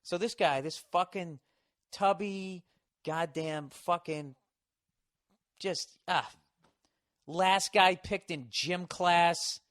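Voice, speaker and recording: A man's voice: fairly high pitch, no room sound, studio quality. Foul-mouthed ranting male streamer. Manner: animated, crude and swearing, repeats words. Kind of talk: casual profane rant.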